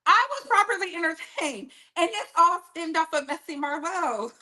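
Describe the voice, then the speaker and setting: Female gossip streamer with a high, bright voice; animated, chatty, laughs a lot. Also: normal speed, slight background noise. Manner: animated, laughs often, talks straight to her chat. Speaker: gossip livestream host. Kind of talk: casual livestream gossip chat.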